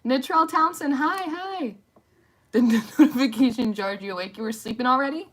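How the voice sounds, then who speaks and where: A woman's voice: high-pitched, normal speed. A woman chatting casually from home on a livestream, rambling and greeting viewers by name. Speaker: livestream host. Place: at home at night.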